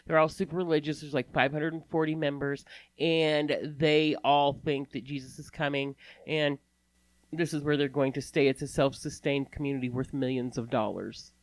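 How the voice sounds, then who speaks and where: A woman co-hosting a casual chat podcast, animated, laughing often and swearing casually. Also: sits low, normal speed, dry recording. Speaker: podcast co-host.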